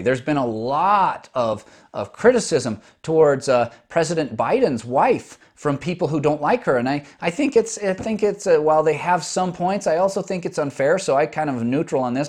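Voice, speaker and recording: A man's voice: medium pitch, darkish tone. A man hosting a podcast, a doctor explaining things step by step in a conversational monologue with frequent restarts.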